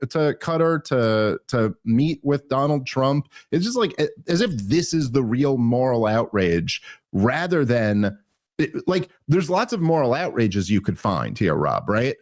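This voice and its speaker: A man hosting a political podcast, talking in an animated, indignant way and often restarting his sentences. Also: medium pitch, measured pace, no room sound, clean studio sound. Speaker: podcast host. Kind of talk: political commentary chat.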